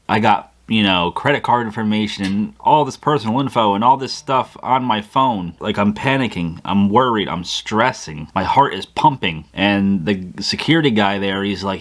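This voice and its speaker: Young male vlogger, lower pitch, casual animated storyteller who restarts and stumbles often. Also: moderate pace. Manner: animated retelling with frequent restarts and acted-out inner quotes.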